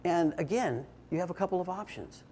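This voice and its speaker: A man's voice: high-pitched, lively intonation, fairly quick, mellow, slightly rough. An older man giving a short, informal talk to an audience, telling stories in a conversational way with restarts and fillers. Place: indoor event space.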